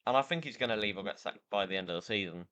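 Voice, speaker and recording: A man's voice: on the low side, racing, sharp tone, clear, resonant tone. Chatty, tired man rambling about football. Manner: rambling, opinionated, frequent fillers and restarts. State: tired, yawning. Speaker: podcast host. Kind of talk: casual football chat podcast.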